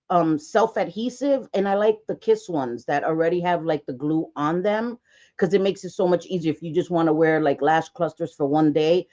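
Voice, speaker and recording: A woman's voice: fairly low pitch, darkish tone, lo-fi sound. A woman host chatting casually on a livestream, telling stories with frequent laughs and restarts and swearing freely.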